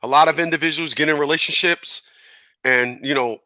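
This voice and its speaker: A man hosting a casual radio talk show, animated and rambling, correcting himself and chuckling as he goes. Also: fairly high pitch, a little fast, no echo.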